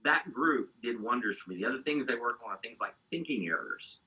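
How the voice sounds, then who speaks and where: Husky, fired-up man telling his story. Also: medium pitch, fairly quick, poor audio. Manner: animated storytelling, gets fired up. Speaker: interview guest. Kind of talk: candid personal account.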